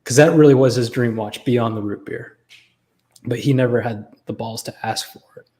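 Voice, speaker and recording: A man's voice: medium pitch, normal speed, mellow. A man, a guest on a livestream, telling a casual story and acting out other people's lines as he goes.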